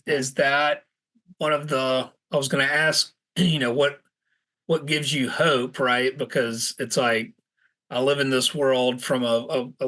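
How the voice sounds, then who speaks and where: A man's voice: mid-range voice, a bit bright. A man hosting a podcast who asks rambling questions and restarts his sentences often as he works out what to say. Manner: halting, restarts often while forming questions. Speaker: podcast host. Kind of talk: conversational interview questions.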